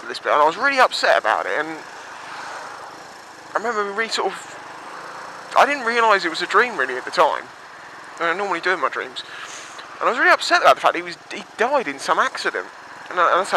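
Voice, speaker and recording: A young motovlogger rambles casually through stories while riding, chatty and sweary, his voice sing-song and sharp at a quick pace with long pauses. His helmet mic records outdoors, catching engine rumble behind him in a rough recording.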